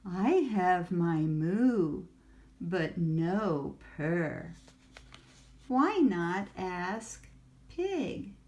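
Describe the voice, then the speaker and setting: An older woman reading a picture book, voicing a kind farm cow with drawn-out moos. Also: fairly low pitch, animated. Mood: helpful. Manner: loud mooing, drawn out.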